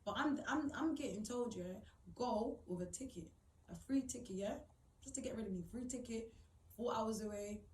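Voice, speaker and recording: A woman's voice: medium pitch, distant mic, slight background noise. A young woman telling a painful personal story to camera, acting out what others said, close to tears. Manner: animated, acts out quoted people, many fillers. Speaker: vlogger. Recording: echoey room, voice off-mic.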